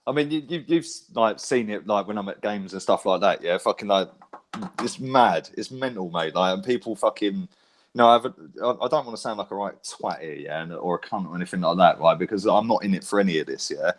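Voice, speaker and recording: A man's voice: deep voice, fairly quick. A man in casual chat, swearing freely and constantly checking for agreement. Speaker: fan YouTuber guest.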